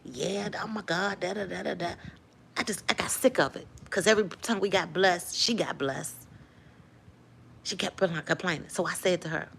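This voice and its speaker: A woman's voice: lowish voice, normal speed, creaky, a little hiss or hum. A woman telling a faith testimony to her viewers, acting out what people said and laughing often. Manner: animated storytelling, acts out quotes, laughs often. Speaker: host sharing a faith testimony. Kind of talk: lively spoken testimony to viewers.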